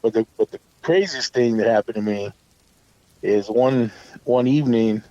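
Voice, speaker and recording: A man tells his own haunted-house story in a loose, rambling way, stopping and restarting and swearing offhand. His pitch sits in the middle, and the recording is dry and a little dull, with no room sound. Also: normal speed, mellow, no echo. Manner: rambling, many restarts and fillers, swears casually. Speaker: guest storyteller. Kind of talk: casual spoken ghost story.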